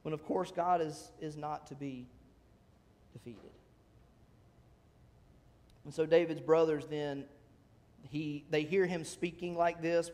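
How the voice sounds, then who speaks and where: A man's voice: fairly high pitch, long reverb tail. A man preaching a sermon, reading scripture and acting out the quoted lines in a raised voice, with chatty asides in between.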